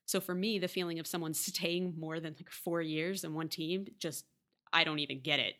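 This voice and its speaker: A woman's voice: sits low, fairly even intonation, moderate pace, bright, forceful tone. A woman co-hosting a podcast, talking sports in an earnest, conversational way with some stammered restarts. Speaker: podcast co-host. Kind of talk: casual sports talk.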